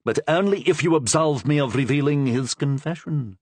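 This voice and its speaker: A man's voice: on the high side, moderate pace, husky, no echo, pitched above the performer's own voice. A man voicing a sly, deferential male Capuchin friar in a storybook reading, talking eagerly.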